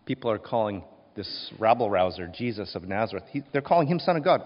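A man preaching a sermon, telling the scene with emphatic, expressive storytelling. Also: on the low side, fast. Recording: dull recording with long reverb.

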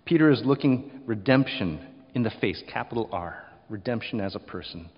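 A man preaching a sermon, rising to loud emphasis and then dropping quiet, often acting out short quotes. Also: on the low side, lively intonation, normal speed, long reverb tail, muffled recording. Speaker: pastor.

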